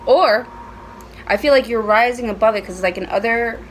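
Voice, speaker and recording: A woman's voice: fairly high pitch, normal speed, a little hiss or hum, rough recording. A woman giving a casual tarot reading at home, chatty and playful, with frequent swearing. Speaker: tarot reader.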